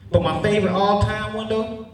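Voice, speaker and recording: A young male stand-up comedian with a slightly high voice, talking in a loose, profane, animated way. He sounds roomy and distant, as if caught from off mic in a big hall. A faint noise runs underneath. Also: fairly quick. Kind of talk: stand-up set then casual interview. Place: stage in a cinema.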